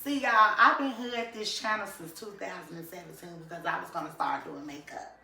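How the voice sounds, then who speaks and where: A woman's voice: on the low side, fairly quick, vocal fry, recorded from a distance. A woman YouTube vlogger chatting casually and animatedly to her viewers. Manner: animated, talks straight to viewers. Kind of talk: casual commentary chat. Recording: echoey room, voice off-mic.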